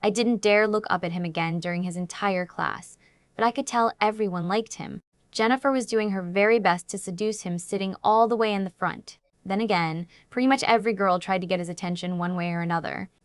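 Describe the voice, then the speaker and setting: A woman narrating a dramatic first-person story in an even storytelling manner. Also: mid-range voice, fairly quick, dry recording, studio quality. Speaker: audiobook narrator.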